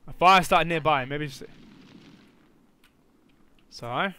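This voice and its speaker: A young man commentating a life-sim game, teasing his characters and bursting into yells and swearing. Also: on the high side, normal speed, slight background noise. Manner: excitable, bursts into shouts, swears, teases the characters. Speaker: gaming YouTuber. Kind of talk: let's play commentary.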